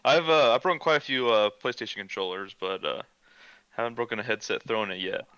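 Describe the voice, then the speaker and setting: A man's voice: lowish voice, fast, bright, forceful tone, dry recording, muffled recording. A man in casual chat, telling a racing story in a laid-back, matter-of-fact way. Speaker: podcast guest.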